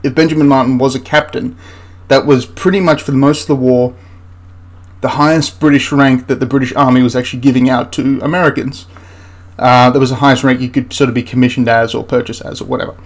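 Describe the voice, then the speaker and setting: A man's voice: mid-range voice, fairly even intonation, fast talker. A man hosting a history channel, ranting through a film critique in an exasperated, rambling way with frequent restarts.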